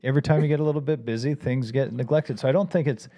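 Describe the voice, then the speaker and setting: A man's voice: medium pitch, quick pace, mellow. A man from Saskatchewan co-hosting a podcast, making easygoing, joking remarks in casual chat. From Saskatchewan, Canada. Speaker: podcast co-host.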